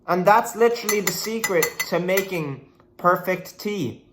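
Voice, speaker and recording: A man's voice: high-pitched, unhurried, noisy background. A young man rambling to his phone camera in a casual vlog. He talks in a hyper, jokey way and keeps wandering off topic. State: out of breath. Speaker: vlogger.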